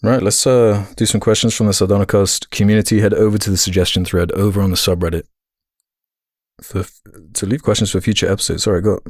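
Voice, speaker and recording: A man's voice: on the low side, flat delivery, a little fast, a little mellow, dry recording, clean studio sound. A man with an English accent co-hosting a podcast in casual chat, rambling with restarts and laughing often. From United Kingdom. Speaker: podcast co-host.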